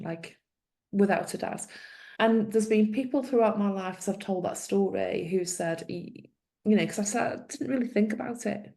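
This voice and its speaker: A woman's voice: medium pitch, dark tone. A middle-aged woman, a guest telling her story in conversation and acting out the dialogue she quotes. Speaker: guest, former social worker.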